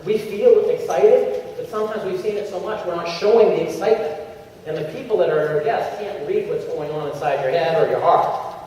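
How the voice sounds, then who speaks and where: A man's voice: high voice, fairly quick, a little hiss or hum. Man coaching a crowd in an echoey hall. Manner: animated, acts out little scenes in changing voices. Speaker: motivational speaker at a sales convention. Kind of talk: energetic coaching talk to a crowd. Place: large convention hall. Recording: echoey convention hall, far from the mic, dull sound.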